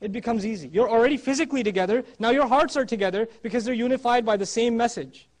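A man with a notably high-pitched voice delivers a religious talk. He speaks with emphasis and drives his points home by repeating key phrases. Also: fast. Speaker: Islamic speaker.

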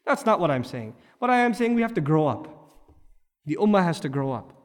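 A man's voice: fairly high pitch, very animated, fairly quick, long reverb tail. A man preaching a sermon, firing off rhetorical questions and building to emphatic peaks. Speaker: Islamic preacher.

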